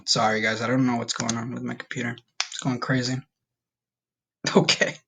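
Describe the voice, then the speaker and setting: A man teaching a recorded Spanish vocabulary lesson, patient and upbeat, slowing down to repeat each word. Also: mid-range voice, flat delivery, gravelly, background noise. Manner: patient, slow repetition drills with upbeat asides.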